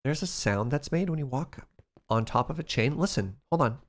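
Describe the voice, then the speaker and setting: Male streamer, live gameplay chat, playful, very expressive pitch, middle voice. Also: moderate pace. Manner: animated and playful, talks to the chat.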